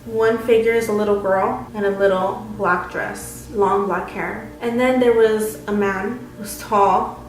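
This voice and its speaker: A young adult woman vlogger telling a story casually and dramatically, with lots of fillers. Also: a little high. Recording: roomy, distant mic, faint noise.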